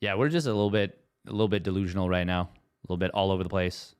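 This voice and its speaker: A man's voice: low voice, fairly even intonation, rapid-fire, clear, resonant tone. A man doing casual live commentary on a strategy game match, playful and self-mocking, wandering into joking asides. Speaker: esports caster.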